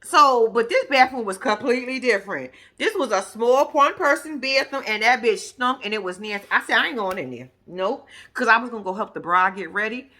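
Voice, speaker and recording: A woman tells a story in a brash, loose way. Her voice sits a little high and sounds bright and sharp. She swears freely and slips into quick impressions of the people she's quoting. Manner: animated, profane, mimics others' voices. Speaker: show recap host. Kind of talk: casual storytelling recap.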